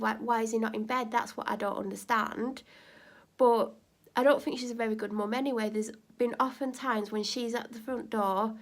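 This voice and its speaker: Animated woman telling a story. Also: on the high side. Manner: animated, rising to near-shouting when retelling an argument. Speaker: vlogger. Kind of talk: casual storytelling vlog.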